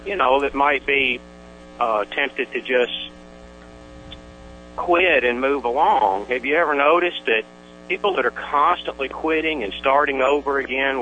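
An older man phones in to a radio talk show. His voice is bright and forward, and he talks haltingly, pausing and restarting often. Faint music sits under the line. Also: medium pitch, lively intonation, muffled recording. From Tennessee. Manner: halting, with many pauses and restarts. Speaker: caller. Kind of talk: call-in radio chat.

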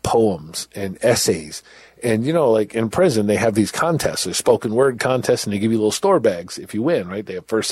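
A man's voice: on the low side, darkish tone, slightly rough, dry recording. A middle-aged man who was once in prison, telling his story bluntly and candidly. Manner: candid, blunt, with laughs and restarts. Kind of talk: personal storytelling.

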